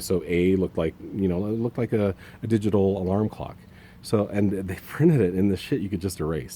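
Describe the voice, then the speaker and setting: A man's voice: deep voice, mellow, a little hiss or hum. A man in his fifties rambling through a casual, profane vlog monologue about his father, filmed on his phone outdoors in the rain. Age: 50s. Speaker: vlogger. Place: outdoors in the rain, then under a roof and a tree. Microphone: handheld phone.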